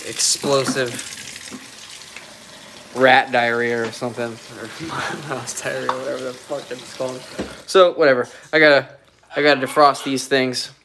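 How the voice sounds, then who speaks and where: A man's voice: fairly high pitch, background noise. Loose, swearing man streaming live with his pets. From United States. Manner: loose, swearing, talks to animals and chat. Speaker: pet keeper streaming live. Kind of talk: casual live stream chat. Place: home and backyard, in and out of doors.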